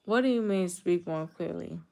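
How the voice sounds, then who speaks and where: A young woman, hosting a casual livestream and answering comments in a hurt, halting way, often repeating herself. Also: fairly low pitch, creaky, mellow. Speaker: livestream host. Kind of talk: casual live chat reading comments.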